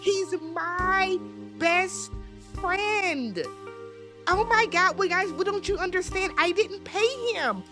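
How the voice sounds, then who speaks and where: A woman's voice: extremely high pitch, takes it slowly, music in the background, voice pushed up. A woman mimicking an exasperated, insistent woman. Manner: repetitive, pleading, raised. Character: exasperated insistent woman defending her best friend.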